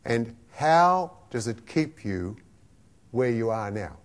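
A man's voice: medium pitch, very animated, slow. A man giving a motivational lecture as a self-improvement teacher, emphatic and often checking in with the listener with "right?".

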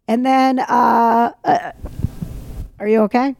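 A woman's voice: on the high side, fairly even intonation, unhurried, creaky, warm tone, dry recording. A woman co-hosting a podcast from her home couch, telling a story in casual chat with many fillers and frequent laughs. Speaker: podcast co-host.

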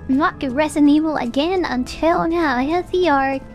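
Young female streamer, high-pitched, loose rambling chatter over quiet game music. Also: normal speed. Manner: rambling, many fillers. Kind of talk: casual gaming stream chat.

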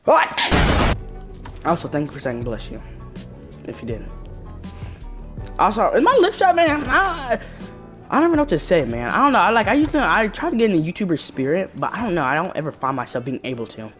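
A woman's voice: lowish voice, fast talker, faint music behind. A woman giving casual horror-game commentary, jumpy and slangy, yelping at scares and muttering banter to viewers. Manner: animated, jumpy, shrieks at scares then mutters. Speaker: gaming YouTuber.

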